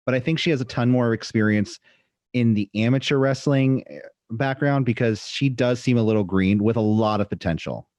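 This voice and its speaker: A man's voice: medium pitch, normal speed, a little mellow, no echo. A man co-hosting a wrestling review podcast, hesitant and reading from notes, with wry asides. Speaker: podcast co-host. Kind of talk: casual wrestling review chat.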